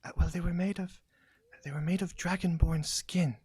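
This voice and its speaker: A man voicing a cautious woman who speaks low and haltingly, in a tabletop game. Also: steady tone, darkish tone, breathy edge, no echo. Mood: hushed. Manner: hesitant, halting, lowers her voice. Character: cautious woman innkeeper, hushed and discreet.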